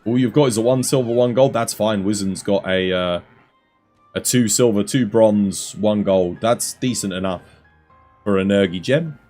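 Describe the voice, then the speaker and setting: A man's voice: on the low side, normal speed, darkish tone, soft background music. A young Australian man casually chatting on a game stream, laid-back and chatty as he explains tips to viewers. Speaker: streamer and coach. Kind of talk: casual gameplay stream chat.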